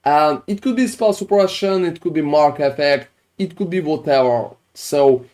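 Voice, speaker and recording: A man's voice: a little high, normal speed, darkish tone. Casual swearing male streamer. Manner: casual, swears often, non-native phrasing. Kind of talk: casual livestream chat, build reviews.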